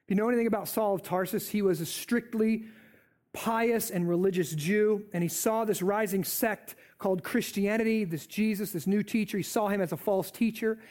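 A man preaching a sermon in an animated, conversational way. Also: sits high, normal speed.

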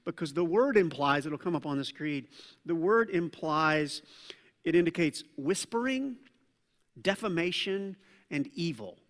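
A male pastor preaching a sermon in a large church, an animated storyteller who acts out the scenes he describes. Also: on the high side, big-room sound.

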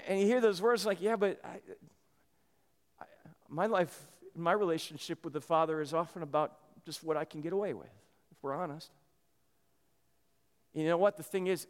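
A man preaching a sermon in a church, telling a story in a lively way with many restarts. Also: high-pitched, moderate pace, long reverb tail. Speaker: pastor.

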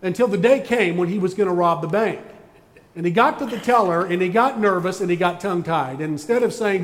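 A man's voice: high-pitched, fairly quick, long reverb tail. A man preaching a sermon as pastor, folksy and joking as he tells stories to his congregation. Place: church sanctuary.

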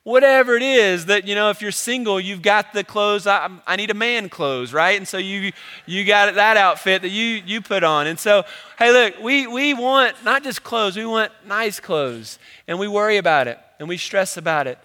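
Young male pastor, high, bright voice, casual joking sermon delivery, echoing church hall. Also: lively intonation, normal speed. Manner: casual, joking, conversational preaching.

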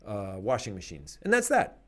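A man hosting a podcast, speaking in an animated, emphatic way and laughing between points. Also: on the low side, moderate pace. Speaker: podcast host. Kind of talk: conversational commentary.

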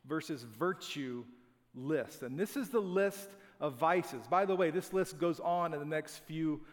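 A man's voice: a little high, measured pace. A middle-aged man preaching a sermon as a pastor, telling family stories in a conversational, self-deprecating way. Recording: long hall reverb.

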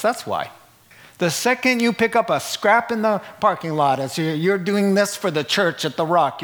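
A man preaching a sermon as a pastor, animated and jokey, jumping up into high exclamations.

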